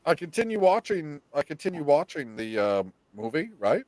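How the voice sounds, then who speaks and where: A man hosting a live podcast, telling stories in an animated, swearing, casual way. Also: fairly high pitch, normal speed, no echo. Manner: animated storytelling, heavy swearing. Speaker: podcast host.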